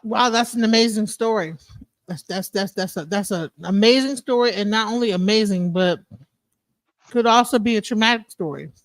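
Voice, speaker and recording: A man's voice: high-pitched, moderate pace, dry recording. A man interviewing a guest, reacting with repeated restarts before asking a question. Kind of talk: casual chat.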